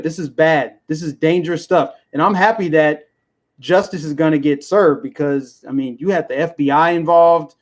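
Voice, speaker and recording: An angry man on a livestream, his voice sitting a little higher than most men's. He rants in heated bursts and circles back to the same points. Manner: heated, indignant, repetitive. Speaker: livestream vlogger. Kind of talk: angry political livestream rant.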